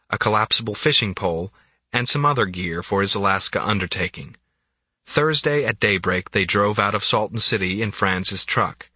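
A man reading an audiobook in an even, measured narration. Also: lowish voice, breathy edge, no echo.

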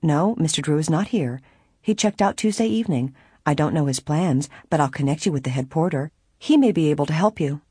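Businesslike hotel desk clerk, polite, husky voice, read by a narrator. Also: medium pitch, expressive, brisk, a little mellow, no echo, clean studio sound.

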